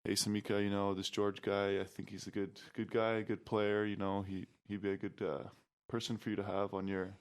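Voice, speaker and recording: A man's voice: lowish voice, monotone, brisk, few pauses, clean tone. A young man chatting casually as a podcast guest, loose and hesitant, with many fillers and restarts. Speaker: guest, pro volleyball player.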